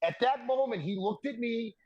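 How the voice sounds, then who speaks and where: A man in his thirties, a podcast guest telling stories in a casual, animated way and laughing through the punchlines. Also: very high-pitched, normal speed, dull audio. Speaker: podcast guest, former hockey defenseman. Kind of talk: casual storytelling.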